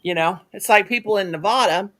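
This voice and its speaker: A woman's voice: medium pitch, brisk, a bit bright. Folksy woman. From Southwest Missouri. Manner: folksy storyteller, uses country sayings. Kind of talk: casual chat.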